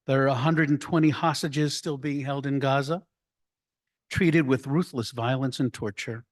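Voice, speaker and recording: A man, a rabbi, giving a slow, deliberate report and story to his congregation at an annual meeting. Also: mid-range voice, steady tone. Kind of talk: congregational address. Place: room filled with people.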